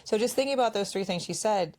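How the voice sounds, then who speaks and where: Speaking quickly at a medium pitch, this podcast co-host chats casually and tells stories. She brings them to life by performing her friends' quoted lines.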